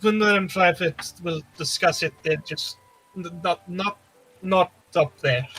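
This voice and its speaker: A man voicing a guarded young woman adventurer in a tabletop game, speaking quietly and haltingly. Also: high-pitched, slight background noise, low-quality recording. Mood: hushed.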